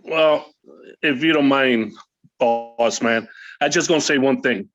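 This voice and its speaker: A man speaking in an earnest, measured way in a casual podcast chat, often restarting his sentences. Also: mid-range voice, a bit bright, no room sound, rough recording. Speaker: corrections officer, co-host.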